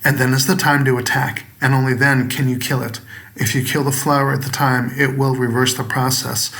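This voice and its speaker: A man voicing a small, sinister creature servant who speaks calmly, politely and coaxingly in a storybook reading. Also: mid-range voice, brisk. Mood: soothing. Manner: calm, courteous, coaxing.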